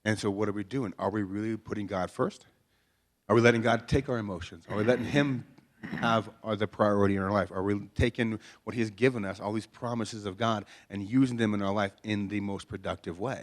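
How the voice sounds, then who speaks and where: A man's voice: fairly low pitch, steady tone, brisk. A man preaching a conversational sermon in a chapel, folksy and joking, with many rhetorical questions. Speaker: pastor. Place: chapel before a congregation.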